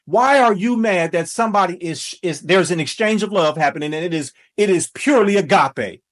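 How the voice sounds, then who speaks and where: A man hosting a reaction commentary, talking in a preachy, emphatic way that rises to shouts. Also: sits high, lively intonation, a little fast. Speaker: commentary host.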